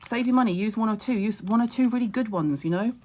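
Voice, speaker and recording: A woman in her forties, a skincare expert, talking casually on a live stream from home, blunt and wry with quick asides and jokes. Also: a little high, a little mellow.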